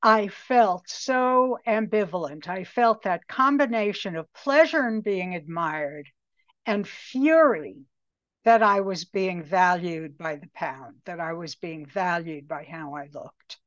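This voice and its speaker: A woman in her late seventies giving a personal recovery testimony, reflective and pausing often. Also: mid-range voice, dry recording, lo-fi sound. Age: 70s. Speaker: recovery meeting speaker.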